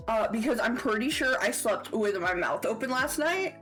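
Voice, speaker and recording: A woman's voice: a little high, lively intonation, moderate pace, fairly bright tone, soft background music. A woman with a Southern American accent chatting casually on a livestream, playful and giggly with squealy outbursts. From Southern United States. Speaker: streamer.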